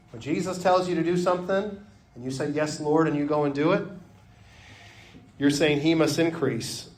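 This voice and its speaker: Earnest male pastor preaching. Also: fairly high pitch. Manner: earnest preaching, drops to a hush on key phrases. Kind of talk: sermon.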